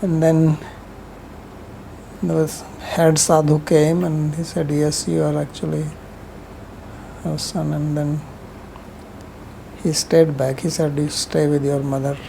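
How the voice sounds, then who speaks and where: A woman's voice: deep voice, level tone, slow, creaky, long pauses, warm tone, a little hiss or hum, rough recording. A woman giving a rambling, conversational scripture lecture, telling stories with frequent asides.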